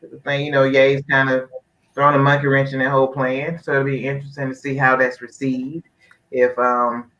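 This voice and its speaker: A man's voice: medium pitch, little pitch movement, moderate pace, fairly bright tone, slight background noise. Laid-back slangy man on lo-fi audio. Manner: laid-back, slangy, many "you know"s. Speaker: guest co-host. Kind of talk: casual online show chat. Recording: dull lo-fi audio.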